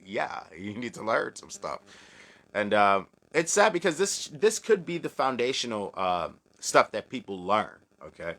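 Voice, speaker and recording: A man's voice: medium pitch, big pitch swings, a little slow, a bit bright. A man hosting a casual live chat, joking, swearing and laughing often, with a slight American country accent. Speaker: livestream host answering chat.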